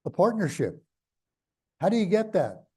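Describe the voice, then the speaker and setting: An older man with a New York accent speaks bluntly, rambling from one story to the next with jokes along the way. His voice sits fairly high but sounds mellow and dark. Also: sing-song, normal speed, breathy edge. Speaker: guest speaker. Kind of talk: conversational interview on stage.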